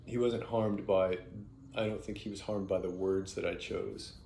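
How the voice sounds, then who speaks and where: A man talking casually and thoughtfully as a parenting teacher, halting often with fillers and restarts. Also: low voice, steady tone, gravelly, background noise. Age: adult parent. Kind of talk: casual spoken reflection.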